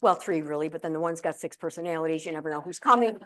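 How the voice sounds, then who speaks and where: A woman's voice: low voice, fast. A middle-aged woman giving a humorous keynote talk at a live event. She tells stories animatedly and acts out the voices of family members. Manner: animated, comic storytelling with acted-out quotes.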